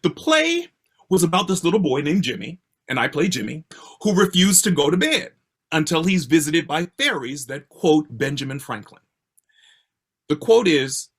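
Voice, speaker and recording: An older man from Baltimore telling a personal story with a theatrical, expressive delivery, heard over a video call. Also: breathy edge. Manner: expressive, theatrical delivery with swings in pitch and pace.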